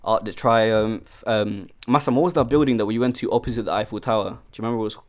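A man's voice: fairly low pitch, quick pace. A young man, co-hosting a podcast and telling stories in casual slang-filled banter. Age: young adult. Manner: laughing, slangy storytelling with British street slang. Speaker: podcast co-host.

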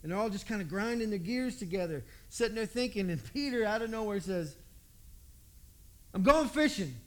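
A man's voice: high-pitched, quick pace. A man preaching a folksy storytelling sermon, acting out the voices in the story.

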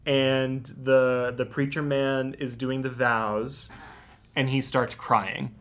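A man's voice: mid-range voice, level tone, slow, fairly bright tone. A man co-hosting a casual podcast chat, thinking aloud and asking his co-host probing questions.

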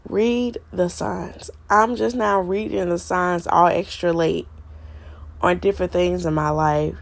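A woman's voice: on the low side, steady tone, unhurried, gravelly. A middle-aged woman hosting a faith podcast, stuffy and congested from a cold, earnestly repeating her points like a preacher. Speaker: podcast host.

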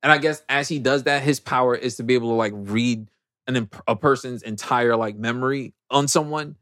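A man hosting a podcast, recapping a movie in a casual, animated, slangy way. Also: mid-range voice, a little fast. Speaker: podcast host.

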